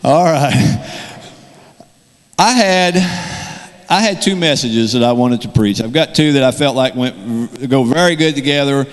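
A man's voice: mid-range voice, lively intonation, normal speed, big-room sound. A man preaching a sermon in a church with a handheld mic, joking and rambling conversationally between points. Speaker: guest preacher. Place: church sanctuary. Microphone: handheld microphone.

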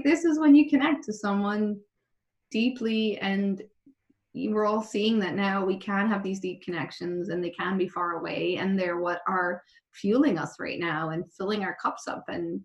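An earnest woman therapist talks as a podcast guest over a remote call. Her animated voice sounds roomy and echoey, and it sits at a middling pitch. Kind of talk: heartfelt conversational chat. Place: home in Ireland. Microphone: remote call recording.

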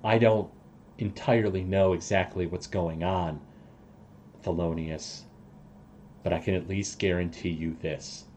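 Very low, slow, solemn old dragon councilman, as a game master puts him on. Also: steady tone, a little mellow, slight background noise. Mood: grave.

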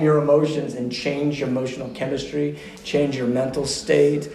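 A male pastor teaching a sermon-style class in a passionate, conversational voice, restarting phrases as he goes. His voice sits at a middle pitch and rings with the echo of a roomy space. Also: flat delivery, moderate pace, few pauses, crowd noise.

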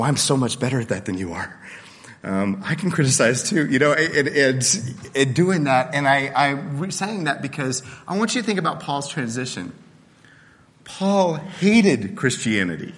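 A male pastor giving a conversational sermon and reading scripture aloud, slowing down hard on the points he stresses. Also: a little high, fairly bright tone. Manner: conversational, with restarts and emphatic slow stresses. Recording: long hall reverb.

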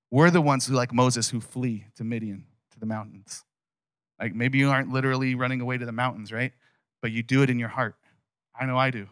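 Male pastor, casual sermon, emphatic and conversational; crisp bright tone, dry close sound. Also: mid-range voice, no echo.

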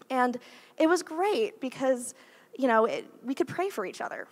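High-pitched and animated, a woman in her thirties talks at normal speed while guest-preaching in a church. The sermon feels like a chat, with "like" and "right?" thrown in frequently.

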